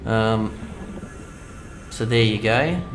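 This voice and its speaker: A man's voice: fairly low pitch, very slow, noisy background. Chatty Australian man streaming a game. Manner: chatty, rambling, talks to viewers while playing. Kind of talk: casual live-stream chat.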